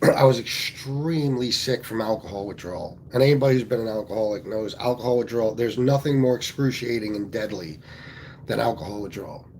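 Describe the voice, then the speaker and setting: A man's voice: fairly low pitch, fairly quick, a little mellow, a little hiss or hum. A man from Pennsylvania hosting a casual livestream, talking bluntly with plenty of swearing and reading viewer comments aloud. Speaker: livestream host.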